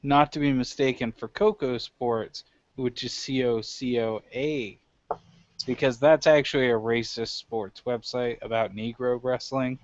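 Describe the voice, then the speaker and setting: Brief: mid-pitched male co-host, dry humor, dull lo-fi sound. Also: a little slow, dry recording. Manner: dry, deadpan jokes. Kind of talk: casual chat.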